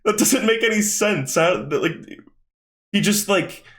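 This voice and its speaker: A man's voice: sits high, expressive, a little slow, fairly bright tone. A young man hosting a casual commentary while skimming a manga, swearing often and rambling with lots of fillers. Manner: profane, rambling, with many fillers. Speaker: host.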